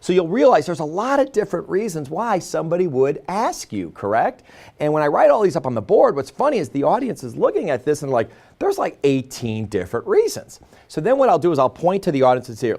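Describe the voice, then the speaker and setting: A man's voice: fairly high pitch, vocal fry. A man talking to camera as a sales trainer, telling stories and acting out quoted lines in casual speech. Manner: fast, animated storytelling with quoted dialogue.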